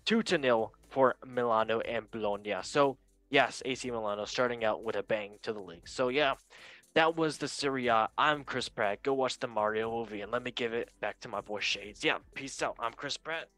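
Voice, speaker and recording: A man putting on a goofy, boastful impression of a male film star, with loud joking and self-mocking rambling. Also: medium pitch, normal speed, dry recording, lightly acted. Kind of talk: comedic impression.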